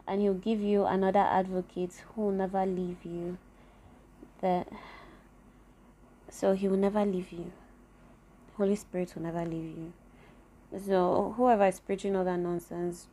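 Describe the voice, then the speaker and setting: A woman's voice: on the low side, dark tone. A young woman giving an earnest, rambling devotional talk full of fillers like "like" and "you know". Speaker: faith podcaster.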